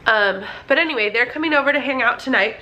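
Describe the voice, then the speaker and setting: A woman's voice: fairly high pitch, fast talker, bright, forceful tone, highs cut off, slight background noise. A woman chatting casually to her camera at home in a family vlog, rambling with lots of fillers. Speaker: family vlogger. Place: indoors at home near a running dryer.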